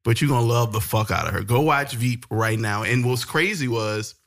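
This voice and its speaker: A man in the middle of a loose podcast conversation, talking at an ordinary pitch. He is animated, laughs often and swears freely as he goes. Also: normal speed. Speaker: podcast co-host. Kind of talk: casual podcast chat.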